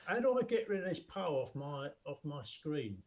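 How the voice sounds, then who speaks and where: A male co-host spinning a comic story in loose improvised chat. He stammers and repeats himself as he builds up the tale. His voice sits a little high for a man. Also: big pitch swings, darkish tone. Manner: halting, repeats words, tells stories with put-on quotes.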